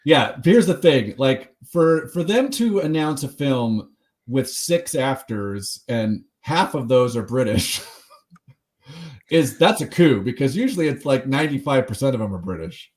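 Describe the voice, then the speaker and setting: A man's voice: medium pitch, sing-song. Chatty man hosting a film podcast. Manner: chatty, rambling, with quick laughs and asides. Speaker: podcast host. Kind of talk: casual chat.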